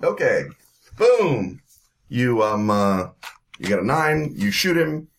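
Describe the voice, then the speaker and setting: A man's voice: mid-range voice, big pitch swings, slow, creaky, a little hiss or hum. A man narrating as game master for a tabletop game, rambling with fillers and sound effects.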